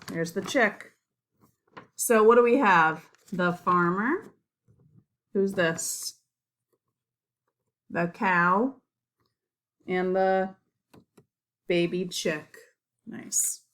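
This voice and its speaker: A woman teaching young children in a slow, simple way, gentle and encouraging, naming farm animals. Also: on the low side.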